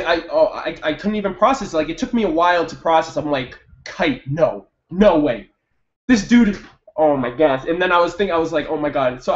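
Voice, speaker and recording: A young man reviewing an anime episode in a casual monologue, excitable, swearing and jumping up loud when hyped. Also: a little high. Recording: echoey room, dull lo-fi mic.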